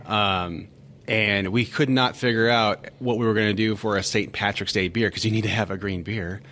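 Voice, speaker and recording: A man who co-owns a brewery, chatting casually and throwing in quick jokes. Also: on the low side, steady tone, a bit bright, slight background noise. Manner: joking, quick wisecracks. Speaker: brewery co-owner. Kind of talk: casual chat.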